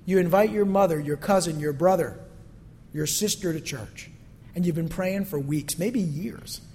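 A man's voice: a little high, moderate pace, darkish tone, slight background noise. A male pastor giving a conversational sermon that is full of rhetorical questions, recorded in a church sanctuary. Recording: long reverb from a hall.

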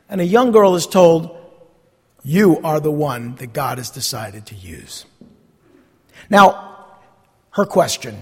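A male pastor preaching with a high, animated voice that swoops up and down. He leans on key phrases, repeats them and puts questions to his listeners. Long reverb of a large hall trails behind him. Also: slightly rough. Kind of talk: sermon.

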